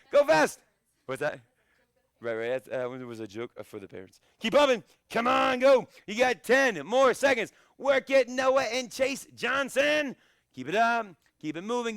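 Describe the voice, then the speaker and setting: A man coaching a live online karate fitness class, shouting encouragement and countdowns and joking between sets over a video call. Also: extremely high pitch, sing-song, moderate pace, vocal fry, no echo, studio quality. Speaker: karate instructor.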